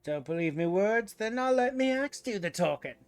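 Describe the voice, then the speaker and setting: A man voicing a swaggering, brutish pirate marauder chief with a rough, threatening growl. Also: sits high, lively intonation, normal speed, pitched above the performer's own voice. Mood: boastful.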